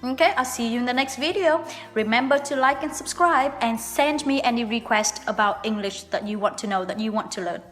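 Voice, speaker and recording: A young woman hosts a relaxed English pronunciation lesson in a fairly high voice. She explains patiently and slows down to repeat example words. Her voice rings in a long reverb, with faint music playing underneath. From Vietnam. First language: Vietnamese. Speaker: English teacher, channel host. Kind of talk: casual video lesson. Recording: reverberant room with background music.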